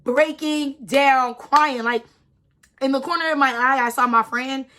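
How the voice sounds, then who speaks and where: A woman's voice: high-pitched, fairly even intonation, a little slow, fairly bright tone. A young woman in her twenties telling a personal story in a casual vlog, emphatic and repeating herself with lots of "like". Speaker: storytime vlogger.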